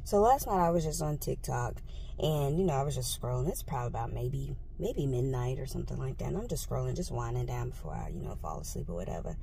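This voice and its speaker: A woman vlogger telling a casual story into a handheld phone, animated and exclaiming, laughing often. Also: extremely low pitch, fast talker, gravelly, slight background noise. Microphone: phone held in hand.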